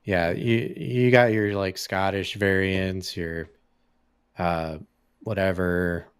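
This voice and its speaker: A man's voice: sits low, fairly even intonation, slow, smooth. A man co-hosting a podcast in casual chat, laid-back, swearing freely and laughing often. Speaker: podcast co-host.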